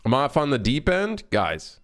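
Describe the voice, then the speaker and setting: A man streaming his game development work, chatting casually and reacting excitedly, joking and swearing as he works. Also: medium pitch, a little slow. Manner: excitable, swears and jokes while working. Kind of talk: casual live-stream commentary.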